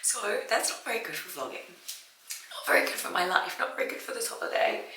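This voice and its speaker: A woman vlogging late at night with her voice nearly gone, hoarse and whispery, straining softly through a sore throat. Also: mid-range voice, expressive, fast talker, echoey room, recorded from a distance, poor audio. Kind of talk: casual vlog to camera. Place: indoors at night after a night out.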